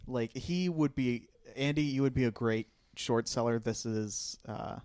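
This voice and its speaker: A man's voice: medium pitch, measured pace, a little mellow, dry recording. Chatty giggly podcast co-host man. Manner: laughing, chatty, hesitant fillers. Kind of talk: casual chat.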